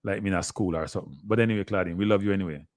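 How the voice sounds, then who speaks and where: A middle-aged man with a Jamaican accent hosts a live sports show, giving casual live-stream commentary in a chatty way, repeating himself and talking straight to his viewers. His voice sits low and races along, with no room sound on the recording.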